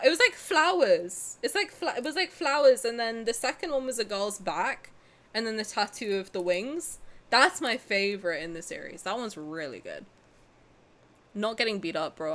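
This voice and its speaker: A woman's voice: fairly high pitch, bright, forceful tone. A young woman streaming a game, chatting casually and rambling to her chat with giggles.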